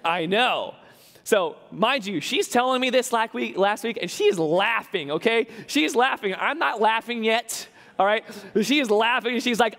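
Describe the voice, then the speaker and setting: A man's voice: high voice, lively intonation, moderate pace, creaky, a bit bright, long reverb tail. A man preaching a sermon as pastor, talking conversationally and adding humorous asides. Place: large church hall.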